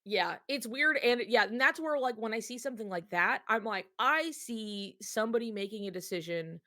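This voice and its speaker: A woman co-hosts a casual fan discussion podcast, rambling animatedly and using lots of filler words. Her voice is a little high and her speed normal, recorded at studio quality with no echo.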